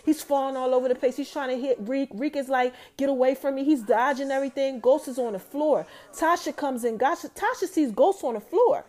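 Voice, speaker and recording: A young adult woman casually recapping a TV episode, telling it in an animated way and talking straight to her viewers. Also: high-pitched, fairly quick, hardly any pauses.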